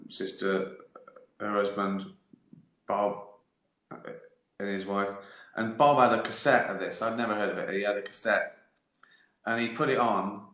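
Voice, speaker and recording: A man in his fifties chats casually on his own live stream, rambling through anecdotes, laughing and swearing freely. His voice is lowish but bright and forceful, and it echoes around a roomy space. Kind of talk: casual storytelling chat. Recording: roomy echo.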